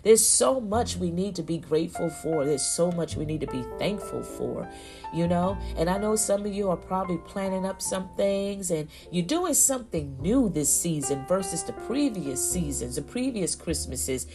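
A woman's voice: on the low side, lively intonation, moderate pace, music in the background. A woman hosting a faith podcast, talking effusively and exclaiming often, with frequent "you know" and "y'all". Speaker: podcast host.

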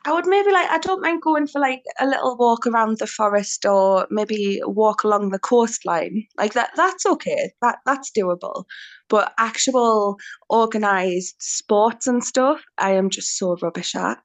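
A woman's voice: on the high side, animated, a little slow. A young British woman, a guest in a casual interview, giggly and self-deprecating. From United Kingdom. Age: young adult. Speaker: guest, social media personality.

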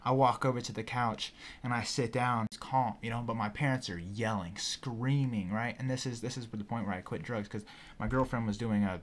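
A young man telling a wild personal story in casual podcast talk, animated and profane, with lots of "you know" and "like". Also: medium pitch, normal speed, slight background noise. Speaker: podcast guest.

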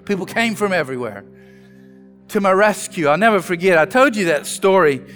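A man from South Louisiana preaching a sermon, telling self-mocking stories with animated humor. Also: high voice, fairly quick, big-room sound, soft background music. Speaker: pastor.

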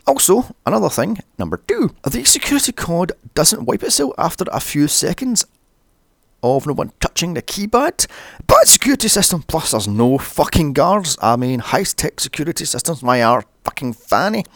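A man narrates a movie recap with sarcastic, sweary asides. His voice is gravelly and swings up and down a lot. The recording is dry and close. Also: a little high, sing-song, moderate pace, no echo. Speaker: movie reviewer.

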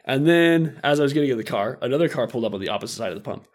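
A man's voice: medium pitch, animated, rapid-fire. A young man co-hosting a podcast, telling a story in casual chat, acting out quotes and laughing often. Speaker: podcast co-host.

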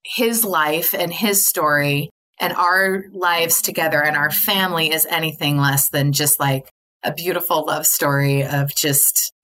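A woman's voice: sits low, steady tone, measured pace, sharp tone. A middle-aged woman, a podcast guest, telling her family story in candid conversation and often laughing. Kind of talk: casual interview conversation.

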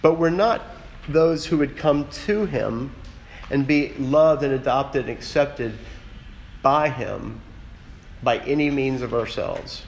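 A man preaching in an earnest, conversational way, pitched in an ordinary middle register. He talks straight to the congregation and often turns to them with questions. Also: takes it slowly, a little hiss or hum, poor audio. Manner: earnest, direct, asks the listeners questions. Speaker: pastor. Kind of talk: conversational sermon.

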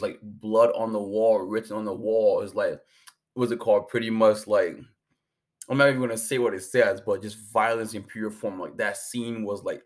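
A man with a fairly low voice recaps an anime episode in a loose, rambling vlog style. He piles on slang and fillers and stays hyped up throughout. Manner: hyped, rambling, slangy, says 'bro' and 'like' constantly. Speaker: anime reviewer.

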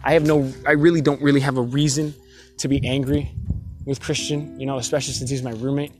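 A man's voice: medium pitch, flat delivery, fast talker. A young man talking through a rambling, heated personal confession, with frequent restarts and swearing. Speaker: store worker venting. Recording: loud guitar music behind the voice.

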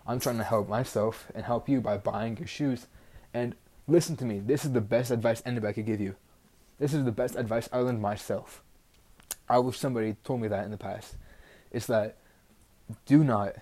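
A man's voice: lowish voice, fairly even intonation, brisk, warm tone. A teenage boy hosting a casual solo podcast, rambling bluntly with constant "like" fillers and a frustrated edge. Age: teens. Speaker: podcast host.

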